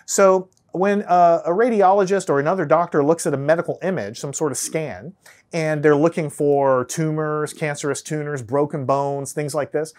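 A man's voice: a little high, fairly even intonation, moderate pace, a little mellow. Easygoing Texan man giving a lecture. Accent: Texan American. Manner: conversational, often checks in with "right?" and restarts phrases. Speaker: teacher. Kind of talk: casual whiteboard lecture.

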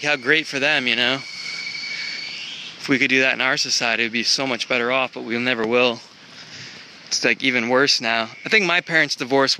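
A man's voice: mid-range voice, bright, forceful tone, slight background noise. A man vlogging casually, thinking aloud as he walks through an outdoor park with a handheld camera. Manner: rambling, thinking aloud while walking. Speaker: travel vlogger. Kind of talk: casual walking vlog.

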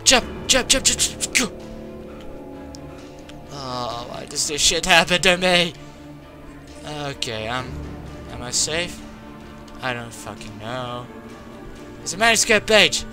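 A young man frantically commenting on a horror game he is playing, swearing and yelling at what happens on screen. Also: on the high side, very animated, slow, pauses often. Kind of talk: frantic let's-play commentary. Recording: game music loud behind the voice.

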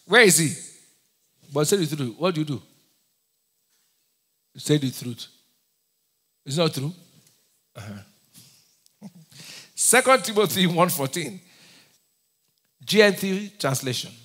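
A man with a Nigerian accent preaching a sermon, firing call-and-response questions at his congregation and breaking into sudden shouts. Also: fairly high pitch, expressive, takes it slowly, long pauses, slightly rough, long reverb tail. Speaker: pastor.

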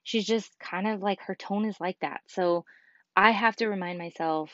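A woman's voice: mid-range voice, normal speed, a bit bright, no echo. A woman in her thirties hosting a casual solo podcast, talking candidly with lots of fillers. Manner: candid, chatty, many fillers. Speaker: podcast host. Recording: dull lo-fi podcast mic.

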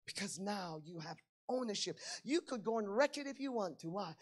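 A woman preaching a sermon, swinging between hushed lines and loud emphatic ones, acting out little everyday dialogues. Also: mid-range voice, expressive, normal speed, few pauses, breathy edge. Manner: acts out little dialogues in plain voices.

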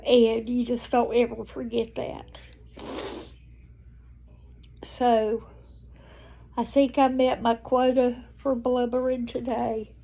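Older Southern woman vlogger, slow and mellow, flat even delivery, tender homespun chat. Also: fairly high pitch, gravelly. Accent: Southern American. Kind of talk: casual chat to camera.

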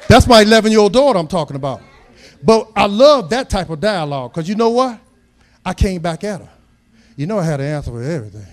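Pastor, middle-aged man, high-pitched, humorous storyteller who turns emphatic. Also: big pitch swings, quick pace. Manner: folksy, humorous storytelling that builds to emphatic preaching. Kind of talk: sermon.

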